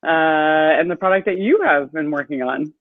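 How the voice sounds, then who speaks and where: A man's voice: a little high, normal speed, no echo. A man hosting a live online interview, chatty and hesitant, with many fillers, speaking over a video call. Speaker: host. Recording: tinny phone-like dry sound.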